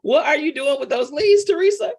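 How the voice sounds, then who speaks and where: A woman doing a loud incredulous comic guy. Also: high-pitched, expressive, fairly quick, creaky, pitched above the performer's own voice. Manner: shouting, exclaiming in disbelief. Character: loud exasperated comedic man, incredulous.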